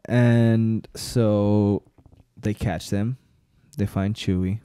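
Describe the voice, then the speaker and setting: A man's voice: lowish voice, steady tone, very slow, mellow, smooth, no room sound. A man co-hosting a podcast, chatting casually and profanely in a rambling way, laughing often. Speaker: podcast co-host. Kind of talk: casual chat recapping movies.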